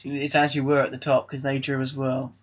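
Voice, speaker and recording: A man giving live commentary over his own football video game session, excitable and exasperated one moment, calmly running through his team the next. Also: medium pitch, brisk. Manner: excitable, exasperated, swings between disbelief and calm team talk. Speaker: gaming YouTuber. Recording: slightly dull lo-fi mic.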